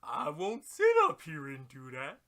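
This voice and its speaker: A man's voice: medium pitch, big pitch swings, unhurried. A man voicing a lazy, unhelpful male wish-granting dragon, dopey and whiny, on a game stream. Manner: dopey, whiny refusals, loud.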